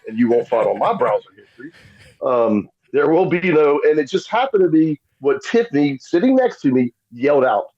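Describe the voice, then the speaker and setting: A middle-aged man with a husky, mid-range voice spins a yarn as a podcast guest, and the audio sounds slightly dull. He tells the story casually and with animation, acting out the voices of the people he quotes.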